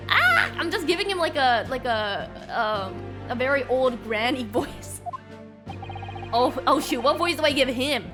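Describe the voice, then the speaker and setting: A woman's voice: high-pitched, lively intonation, measured pace. A young woman streaming a game, reading its dialogue aloud in several voices and reacting with playful giggles. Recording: music playing behind the voice.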